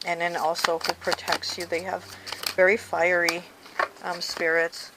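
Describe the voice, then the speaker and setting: A woman's voice: fairly low pitch, little pitch movement, a little slow, heavy background noise. Chatty woman reading tarot cards. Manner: chatty, addresses the viewer directly, frequent "okay" and "you know". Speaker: tarot reader. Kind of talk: casual tarot card reading to viewers.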